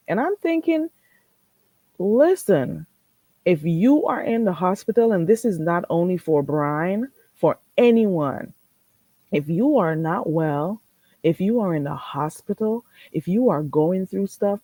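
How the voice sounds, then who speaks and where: A woman's voice: sits low, mellow, dry recording. A woman hosting a casual livestream, talking bluntly, swearing freely and answering her chat. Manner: reads chat aloud and answers it. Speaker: livestream host.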